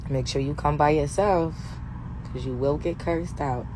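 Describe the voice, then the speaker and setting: A young woman with a hoarse, worn voice talks brashly and swears freely. She chats loosely from a tour bus bedroom into a phone for a live stream, with a faint hum of noise behind her. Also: low voice, a little slow. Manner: brash, profane, laughing often. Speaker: livestream host. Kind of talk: casual live Q&A chat. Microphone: phone held for a social-media live stream.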